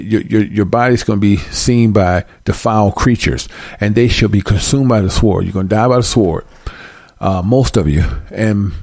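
A man preaching and reading scripture slowly and deliberately, breaking into mocking asides. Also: fairly low pitch, gravelly, darkish tone, no room sound.

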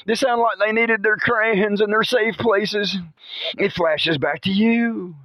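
Guy telling a goofy horror story, keeps chuckling, slightly high voice, super dry mic. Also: slow, dry recording, highs cut off. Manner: chuckles through his telling, animated and playful. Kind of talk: comic horror story narration.

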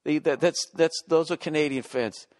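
A man's voice: fairly high pitch, normal speed. A middle-aged man ranting casually and profanely as a podcast host, sounding exasperated.

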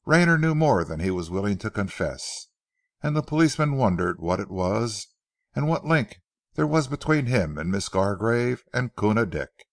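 A man narrates a novel in a low, gravelly voice. His reading is measured, with a lively rise and fall, and it is recorded close and dry with no room sound. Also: dry recording. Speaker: audiobook narrator.

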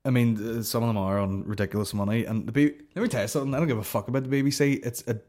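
Crude rambling podcast host. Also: male voice, medium pitch, fairly even intonation, rapid-fire, darkish tone. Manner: profane, rambling, sarcastic. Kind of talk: crude comedic podcast banter.

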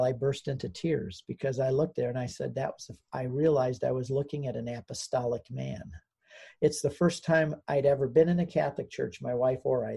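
A man's voice: mid-range voice, gravelly, mellow, slightly rough. An older American man, a guest on an interview, earnestly telling his conversion story and getting choked up at times. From United States. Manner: earnest storyteller, gets choked up, voices quoted people.

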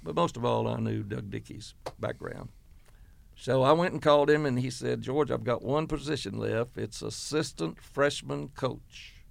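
A man's voice: medium pitch, normal speed, gravelly. A man in his eighties, a retired football coach, telling long, meandering stories from his career in an oral history interview, full of fillers and quoted dialogue. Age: 80s.

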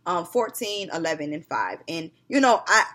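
A woman's voice: fairly low pitch, normal speed. A woman, co-hosting a casual chat and acting out scenes with her kids. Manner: animated storytelling, acting out scolding her kids. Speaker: podcast co-host.

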